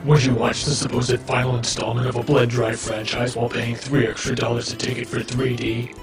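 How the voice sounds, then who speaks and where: A man voicing a sinister, taunting male killer who speaks in a slow, menacing, gravelly half-whisper. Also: flat delivery, natural voice. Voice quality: gravelly low rasp. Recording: distant echoey voice under loud music.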